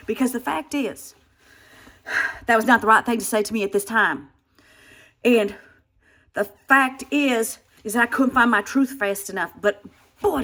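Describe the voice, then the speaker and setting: A woman's voice: medium pitch, a bit bright. Sighing, exasperated woman in her sixties. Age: 60s. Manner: exasperated, venting, with frequent sighs and restarts. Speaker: comedic vlogger playing a satire version of herself. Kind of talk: rambling comic monologue to camera.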